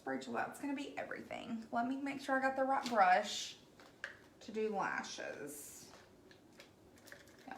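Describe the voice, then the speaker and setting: A woman's voice: fairly high pitch, gravelly, sharp tone. A woman hosting a casual live painting stream, bubbly and chatty with viewers, recorded at home on a device mic at a distance. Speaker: craft painter hosting a livestream. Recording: echoey room with faint noise.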